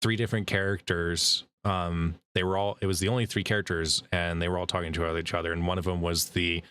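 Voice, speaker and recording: Guy hosting a chill interview, real low voice, laughs a lot, rambles fast when telling stories. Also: little pitch movement, a bit bright, clean tone, dry recording. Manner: chatty, laughs easily, speeds up when storytelling. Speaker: podcast host and voice actor. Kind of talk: casual interview chat.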